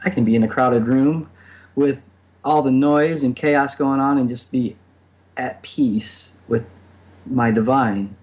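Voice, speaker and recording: A man's voice: mid-range voice, takes it slowly, a little mellow. Reflective man telling his spiritual journey. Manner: reflective, many fillers and restarts. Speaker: podcast guest. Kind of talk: casual conversation.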